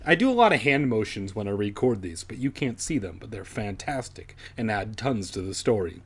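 A man with a slightly husky voice reads a spooky children's book for laughs. His pitch rises and falls a lot, and he keeps cutting in with sarcastic remarks. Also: sing-song, fairly quick. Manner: sarcastic asides breaking the narration. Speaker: podcast host reading a kids' horror book aloud. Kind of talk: comedic read-aloud with commentary.

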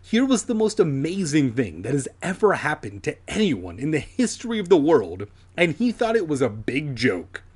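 A man with a slightly husky voice reads a spooky children's book for laughs. His pitch rises and falls a lot, and he keeps cutting in with sarcastic remarks. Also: big pitch swings, moderate pace, hardly any pauses. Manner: sarcastic asides breaking the narration. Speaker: podcast host reading a kids' horror book aloud. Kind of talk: comedic read-aloud with commentary.

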